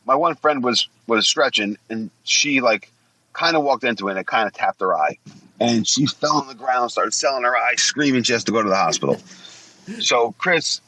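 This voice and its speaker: A man's voice: medium pitch, animated, moderate pace, bright, forceful tone, poor audio. A man in his forties, a former wrestler guesting on a podcast, telling blunt, profanity-laced stories in a rambling, casual way. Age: 40s. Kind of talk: casual storytelling interview.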